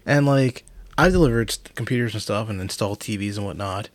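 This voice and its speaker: A man's voice: lowish voice, fairly quick, no echo. A man chatting casually, blunt and joking, with some swearing. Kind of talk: casual chat.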